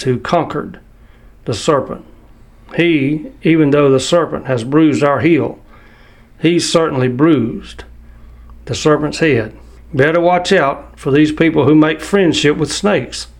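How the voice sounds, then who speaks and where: Older man preaching with slow emphasis. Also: on the high side. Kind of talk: sermon.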